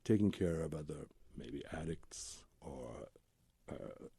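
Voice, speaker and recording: A man's voice: rumbling low, lively intonation, slow, warm tone, husky, no echo. A man, a Zen Buddhist teacher, telling his own story as an interview guest in a candid, rambling way with tumbling lists of memories.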